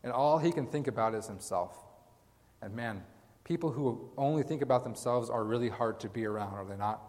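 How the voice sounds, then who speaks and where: A man's voice: mid-range voice, fairly quick, darkish tone, big-room sound. A man preaching a sermon in a casual, conversational way, asking the congregation questions and mock-quoting the people in the story. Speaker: pastor.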